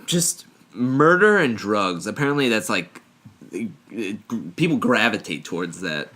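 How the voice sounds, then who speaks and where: Male co-host, bright voice, casual rambling banter full of jokes and laughter. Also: lowish voice, animated, a little slow. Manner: joking, rambling, laughs often. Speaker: podcast co-host. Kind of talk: casual chat, reading stories aloud.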